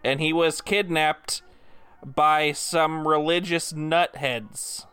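A man playing a tabletop game, talking casually with halting restarts. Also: fairly high pitch, fairly even intonation, pushed and bright, clean tone, dry recording, faint music behind. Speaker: player.

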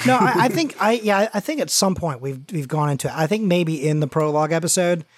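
A man's voice: on the high side, animated, quick pace, dry recording. Man narrating as a casual game master. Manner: casual, filler-heavy narration.

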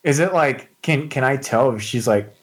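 A man playing a tabletop game, asking questions in a halting way with many "like"s and restarts. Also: medium pitch, lively intonation. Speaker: player. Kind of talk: casual tabletop play.

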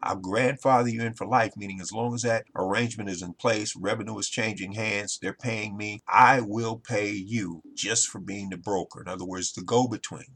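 A man with a gravelly voice hosting his own podcast, addressing listeners directly in a repetitive sales pitch. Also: fairly even intonation, normal speed, hardly any pauses, a bit bright. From United States. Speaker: podcast host and marketing consultant.

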